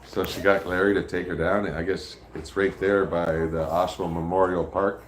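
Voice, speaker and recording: In a low-pitched, flat voice at a moderate pace, a man hosts a livestream full of casual chat and long, rambling, sweary stories. The low-quality recording has an echoey room.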